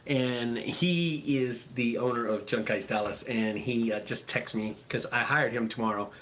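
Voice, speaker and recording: A man who runs a junk removal business, talking casually and excitably to his viewers, swearing freely and repeating himself. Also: mid-range voice, a little slow. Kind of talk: casual profane vlog talk.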